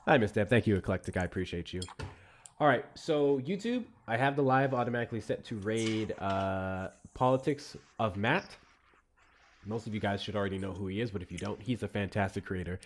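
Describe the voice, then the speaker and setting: A man's voice: fairly low pitch, fairly quick, a little hiss or hum. A man hosting a casual political livestream, laid-back and profane, laughing often. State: recovering from illness. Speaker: livestream host. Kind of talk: casual live-stream chat.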